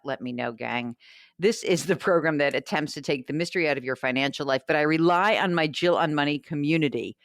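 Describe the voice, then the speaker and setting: A woman hosting a radio show about money, telling a story and reading listener mail in a chatty, animated way. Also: deep voice, no echo, studio quality. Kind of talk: casual radio talk.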